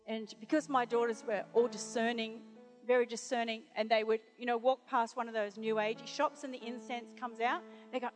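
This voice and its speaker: A woman's voice: a little high, flat delivery, fairly quick, soft background music. A middle-aged woman preaching, telling personal stories in a chatty way full of "you know" and restarts. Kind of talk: sermon with personal anecdotes.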